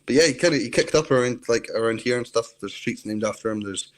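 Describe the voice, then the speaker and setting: On a video call, a Scottish interview guest chats casually and wanders through rambling stories. He has a mid-range voice and a quick pace.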